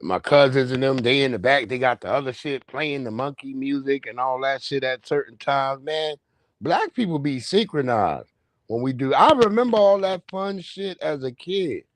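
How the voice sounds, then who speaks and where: Hosting his livestream, the man spins drawn-out, rambling tales full of swearing in an offhand monologue. His voice is medium in pitch with lively intonation, and there's no room sound.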